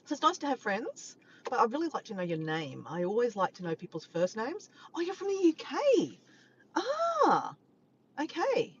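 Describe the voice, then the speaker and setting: A woman from Australia with an Australian accent, chatting casually and warmly with live viewers, sometimes breaking into bits of song. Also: a little high, wildly swooping pitch, moderate pace. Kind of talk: casual live-stream chat. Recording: dull lo-fi sound with faint background noise.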